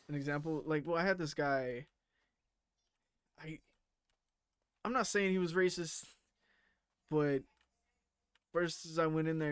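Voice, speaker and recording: Rambling man with a slightly high voice. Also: no room sound. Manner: rambling, casual swearing, lots of fillers. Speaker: streamer. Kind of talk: casual chat while playing a game.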